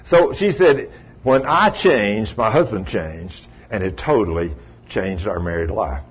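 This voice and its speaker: A man preaching a sermon in an animated storytelling way, acting out the voices he quotes, on a dull lo-fi recording. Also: fairly low pitch, measured pace, slight background noise.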